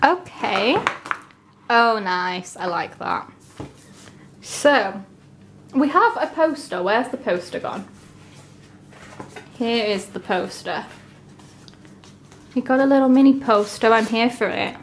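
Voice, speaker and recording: A woman's voice: fairly high pitch, slow pace, pauses often, a little hiss or hum. Gushing young woman unboxing. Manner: gushing, excitable, breaks into gasps and soft whispers. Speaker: vlogger unboxing albums. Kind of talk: casual unboxing narration.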